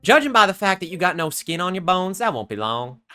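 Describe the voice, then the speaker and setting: A folksy middle-aged diner owner, voiced by a woman who drawls and calls everyone hon. Her voice is bright and ringing, swinging widely in pitch while sitting a little low. Soft music plays faintly underneath. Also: big pitch swings, a little fast. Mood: teasing.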